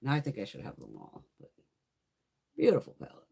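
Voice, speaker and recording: Lively, chatty woman who swears freely. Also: rumbling low, a little fast, gravelly, breathy edge. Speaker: beauty livestream host. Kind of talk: casual chat during makeup try-on.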